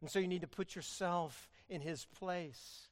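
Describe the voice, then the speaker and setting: A man preaching a sermon as pastor, earnest, swinging between loud pleading and hushed emphasis. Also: sits high, unhurried.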